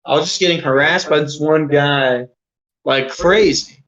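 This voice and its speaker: A man in his thirties spins a long, rambling story in an off-the-cuff way, swearing freely and leaning on "like". His voice sits a bit high for a man. The recording sounds dull and lo-fi. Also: a little slow, fairly bright tone. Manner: rambling, swears a lot, many "like" fillers. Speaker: interview guest. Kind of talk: casual storytelling.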